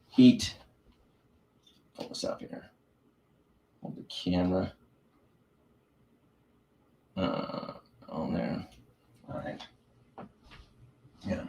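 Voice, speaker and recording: A man's voice: fairly low pitch, gravelly, slight background noise. A man hosting a casual livestream about collectible figures, talking in a rambling, chatty way and often apologizing to his viewers.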